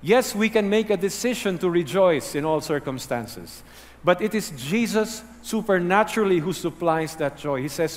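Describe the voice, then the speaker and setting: The pastor's somewhat high voice moves with lively intonation at normal speed through an earnest, teaching sermon. Key words come low and soft for emphasis, and the recording carries a long echo from a large hall.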